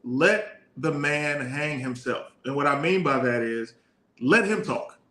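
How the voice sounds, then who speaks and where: A man talking casually as a podcast co-host. He is frank and animated, with slangy asides. His voice sits a little high for a man, and the sound bounces around an echoey room. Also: measured pace. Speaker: podcast co-host giving relationship advice. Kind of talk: casual chat.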